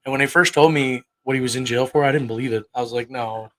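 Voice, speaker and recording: A man's voice: mid-range voice, steady tone, racing, sharp tone, low-quality recording. A man in his thirties hosting a casual livestream, rambling and cursing bluntly as he talks to his viewers. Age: 30s. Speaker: livestream host.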